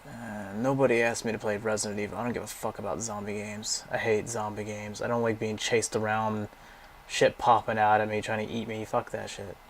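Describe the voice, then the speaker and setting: A man's voice: lowish voice, level tone, fairly quick, a little hiss or hum. A young man casually rambling through a game library, giving blunt, profane opinions and going off on tangents. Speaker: gaming vlogger.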